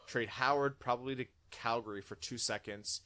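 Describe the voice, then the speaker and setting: Speaking at a normal speed with a medium-pitched, sharp, fairly even voice, a man hosts a casual podcast. He chats his way through listener comments, reading them aloud in put-on dramatic voices.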